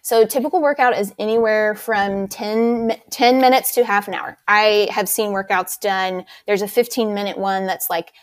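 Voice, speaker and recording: A woman's voice: mid-range voice, fairly even intonation, moderate pace, few pauses. A woman fitness instructor explaining her method in a casual interview, enthusiastic and chatty.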